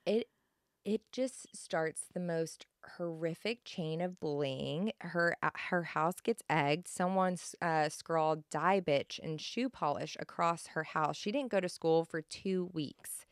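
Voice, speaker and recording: A woman's voice: sits low, takes it slowly, dry recording. A woman co-hosting a podcast, casually retelling a life story with plenty of "like" and quoted lines. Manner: animated retelling with quoted voices. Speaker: podcast co-host.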